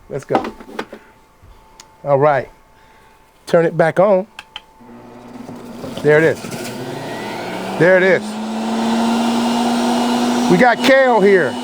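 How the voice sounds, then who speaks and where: A man's voice: on the high side, big pitch swings, takes it slowly, pauses often. A man chatting casually to the camera as he makes fresh juice, talking to viewers while he works. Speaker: vlogger making juice. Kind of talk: casual kitchen demonstration. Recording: loud juicer noise over voice.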